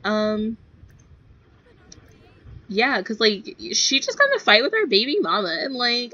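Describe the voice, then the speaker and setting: Bubbly, breathy young woman gamer. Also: on the high side, wildly swooping pitch, measured pace, pauses often, sharp tone, dry recording. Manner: bubbly, giggly, chatty. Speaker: gaming video creator. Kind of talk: casual gameplay commentary. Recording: slightly dull lo-fi sound.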